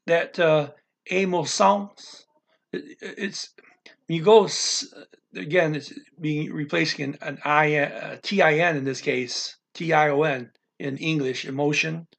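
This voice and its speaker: A man with a gravelly voice, pitched a little higher than most, talks through a casual language lesson at a very slow pace. He halts often, fills pauses and corrects himself as he explains each word from a home desk. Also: fairly bright tone. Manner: halting, self-correcting explanations with many fillers. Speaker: language teacher.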